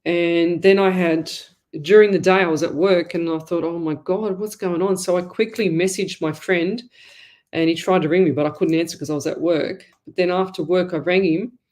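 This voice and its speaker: A woman's voice: on the low side, steady tone, moderate pace, darkish tone. A woman hosting a live psychic reading show from home, talking in a rambling, chatty way full of fillers and asides. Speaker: psychic medium host.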